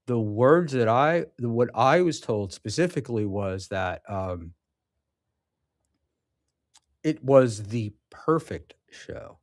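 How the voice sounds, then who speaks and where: A man's voice: mid-range voice, no room sound, clean studio sound. A man hosting a casual livestream, reading chat and talking with rambling, sarcastic asides and lots of ums.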